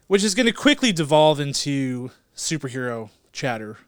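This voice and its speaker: A man's voice: fairly high pitch, sing-song, normal speed, clean tone, no room sound, clean studio sound. A man co-hosting a casual movie podcast, playful and teasing, laughing often. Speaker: podcast co-host.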